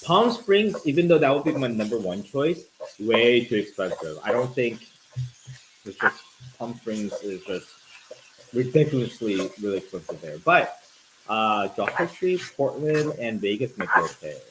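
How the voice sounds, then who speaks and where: A man's voice: lowish voice, expressive, moderate pace, very noisy. A man co-hosting a live stream, chatting casually while cooking in a home kitchen with food sizzling behind him. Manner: chatty, playful, repeats words.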